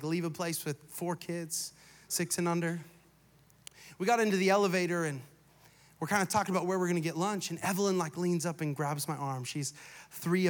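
A man in his thirties, a pastor, preaching a sermon and telling a family story, swinging between loud preaching and quiet asides. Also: high voice, big-room sound. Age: 30s. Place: church.

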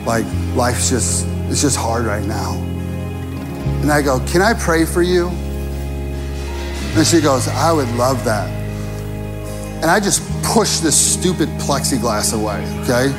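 A man preaching a sermon as pastor, telling stories and acting out dialogue, moving from hushed moments to rising intensity. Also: medium pitch, a little slow, pauses often. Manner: animated storytelling, acting out dialogue. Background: music.

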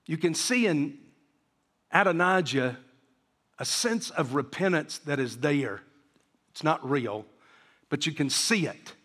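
A man's voice: on the high side, expressive, takes it slowly, long pauses, fairly bright tone, big-room sound. A man preaching a sermon to a congregation, acting out the voices of the people in his story. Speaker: pastor. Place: church sanctuary.

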